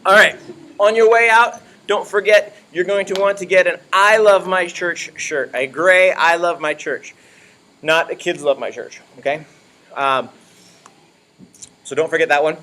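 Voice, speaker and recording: A man's voice: high voice, unhurried, pushed and bright. A man leading church volunteers in an informal, upbeat talk, often checking in with "all right?". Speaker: children's ministry leader.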